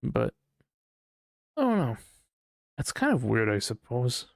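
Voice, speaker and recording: Male podcast host, gravelly voice, dry close sound, loose, profane, rambling solo chat. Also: mid-range voice, huge pitch swings, slow pace, no echo. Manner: rambling, profane, unsure musing. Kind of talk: casual solo podcast monologue.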